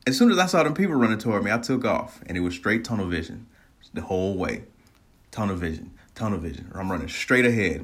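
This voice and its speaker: A man casually telling a personal story, animated, laughing often and swearing freely. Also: lowish voice, fast talker.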